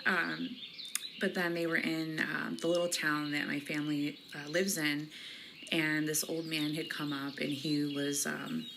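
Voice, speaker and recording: A woman's voice: deep voice, little pitch movement, unhurried, vocal fry. A woman chatting casually, telling a family story with many fillers. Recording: noisy recording.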